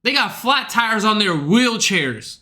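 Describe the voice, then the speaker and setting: A high-pitched man with a bright, sharp voice rants to his stream chat. He talks in a loose, profane, exasperated ramble. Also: very animated, takes it slowly. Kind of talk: casual ranting to chat.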